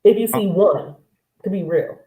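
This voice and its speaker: A woman's voice: mid-range voice, unhurried, mellow, roomy sound, rough recording. A woman co-hosting a casual livestream discussion, speaking bluntly and emphatically. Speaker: podcast co-host.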